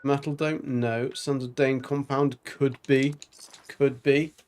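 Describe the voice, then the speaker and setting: A man's voice: mid-range voice, steady tone, takes it slowly, darkish tone. A man streaming a video game, chatting casually and rambling with jokes and silly sound effects. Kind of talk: casual gameplay commentary.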